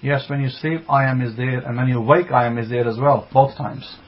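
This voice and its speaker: A man's voice: mid-range voice, fairly even intonation, fairly quick. Man, Bible teacher, emphatic sermon, rhetorical questions, muffled lo-fi recording. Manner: greets online listeners by name mid-talk. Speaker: religious teacher. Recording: dull lo-fi sound.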